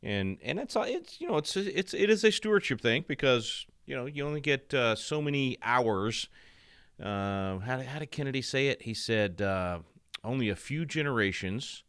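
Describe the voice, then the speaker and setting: A man's voice: mid-range voice, animated, fairly bright tone, clear, resonant tone, no echo, studio quality. A man hosting a talk radio show, speaking off the cuff with frequent restarts and filler words. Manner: halting, full of restarts and fillers.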